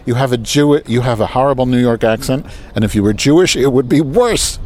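A man's voice: mid-range voice, expressive, a little mellow. Hyper, sarcastic male podcast host. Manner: hyper, sarcastic, rapid teasing. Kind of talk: casual banter. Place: outdoors in a school parking lot.

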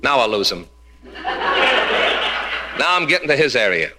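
A man doing stand-up comedy, telling quick jokes with Yiddish punchlines and slipping into character voices. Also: mid-range voice, sing-song, very noisy. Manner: rapid storytelling, drops into Yiddish phrases and character voices. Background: audience laughter.

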